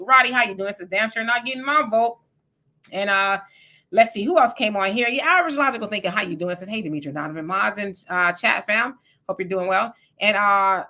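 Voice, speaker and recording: A woman's voice: mid-range voice, sharp tone. A woman hosting a livestream in a casual, chatty way, greeting viewers by name and reading their comments aloud. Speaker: livestream host.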